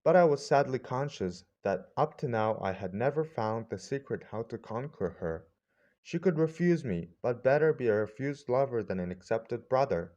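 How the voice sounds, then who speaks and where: A man narrating a story in a measured, wistful storytelling manner, in a slightly muffled recording. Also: mid-range voice, animated, a little mellow. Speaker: audiobook narrator. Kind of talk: scripted narration.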